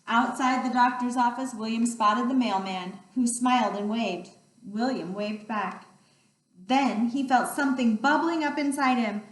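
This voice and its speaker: A woman teacher reading picture books aloud, expressive and playful, with roars. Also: on the high side, a little slow. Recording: roomy sound, distant mic.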